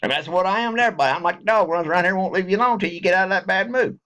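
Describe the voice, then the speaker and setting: A middle-aged man with a drawl and a fairly high voice. He talks in a folksy, rambling, joking way, addressing his viewers directly in casual chat. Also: racing, bright, forceful tone. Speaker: vlogger. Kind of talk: casual direct-to-camera talk.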